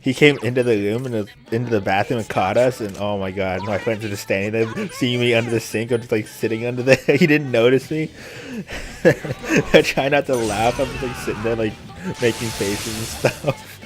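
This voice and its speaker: A man's voice: mid-range voice, fairly quick, music in the background. A young man telling rambling stories while commenting on a video game, with lots of filler words and frequent laughs. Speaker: let's play commentator. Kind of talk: casual gameplay commentary, storytelling.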